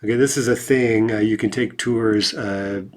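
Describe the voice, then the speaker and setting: A man's voice: on the low side, steady tone, moderate pace. A man teaching a language lesson in a casual, explanatory way, reading out numbered example sentences and checking in with frequent "right?".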